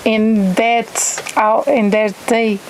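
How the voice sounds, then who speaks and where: A woman's voice: a little high, flat delivery, slow pace, a little hiss or hum, rough recording. A woman interviewer putting in hesitant, tentative remarks.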